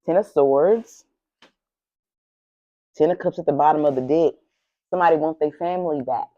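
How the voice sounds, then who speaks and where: This woman's voice sits low and moves at a normal speed, with dull audio. She's a tarot reader doing a casual reading into her camera mic, addressing the viewer directly in a sassy, profane, highly animated way.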